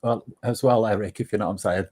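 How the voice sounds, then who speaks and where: A man's voice: on the low side, fairly even intonation, quick pace, a little mellow. A man with an English accent talking bluntly in casual chat, ranting and teasing with "mate". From England.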